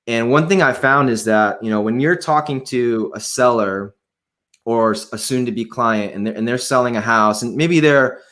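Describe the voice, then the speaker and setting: A man's voice: mid-range voice, normal speed. Enthusiastic male podcast host. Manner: excited, enthusiastic. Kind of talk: casual interview hosting.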